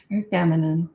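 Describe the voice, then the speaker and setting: A woman's voice: lowish voice, lo-fi sound. An older woman, a parenting coach, chatting bluntly and casually through a live Q&A where she reads out viewer questions. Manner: chatty and blunt, laughs at her own stories. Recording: echoey room.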